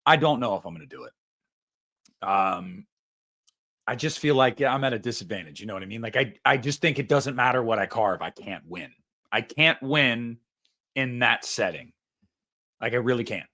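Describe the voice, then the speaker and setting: A man's voice: medium pitch, animated, moderate pace, long pauses, a bit bright. Male host, casual comic ranter, mid-range voice, playful indignation. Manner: joking, mock-indignant, competitive rant. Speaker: podcast host. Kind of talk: casual chat.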